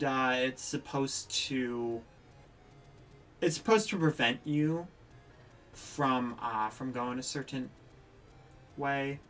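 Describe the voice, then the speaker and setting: A livestreamer giving live gameplay commentary who talks excitably and breaks into loud, frustrated outbursts. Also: mid-range voice, recorded from a distance.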